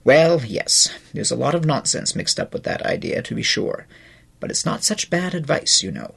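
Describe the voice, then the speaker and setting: A man reading an audiobook gives voice to a kindly older nurse who speaks gently but firmly. Her lines carry a gravelly, slightly husky texture. The delivery rises and falls in a lively way. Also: a little high, normal speed, exaggerated voice. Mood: gentle firm. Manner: gentle, plain-spoken. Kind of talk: audiobook character voice.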